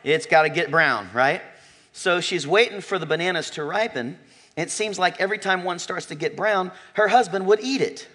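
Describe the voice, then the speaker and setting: Bright-voiced preaching man. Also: high voice. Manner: emphatic preaching, rising to near-shouts, slowing for stress. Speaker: pastor. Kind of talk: sermon. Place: church sanctuary.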